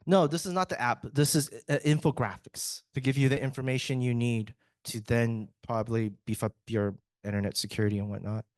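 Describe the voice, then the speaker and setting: A man's voice: mid-range voice, fairly even intonation, fairly quick, hardly any pauses, darkish tone, no room sound. Chatty joking man giving a tech talk. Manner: joking, chatty, self-interrupting with restarts. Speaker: IT speaker at a tech summit. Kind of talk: casual conference presentation.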